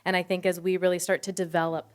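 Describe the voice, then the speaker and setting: Woman teacher explaining stuff at a board meeting, kinda low voice, earnest. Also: level tone, quick pace, smooth. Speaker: third grade teacher.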